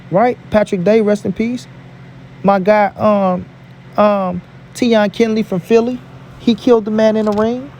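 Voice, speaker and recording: A man's voice: high voice, warm tone, slight background noise. A man giving a heated, profane boxing opinion rant as a vlogger, hammering his points with repetition. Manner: profane, emphatic, repeats lines for punch.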